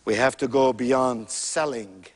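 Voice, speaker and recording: A man's voice: mid-range voice, steady tone, slow, big-room sound. A man giving a motivational keynote, telling stories with emphatic, theatrical delivery and rhythmic repetition. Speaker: motivational speaker.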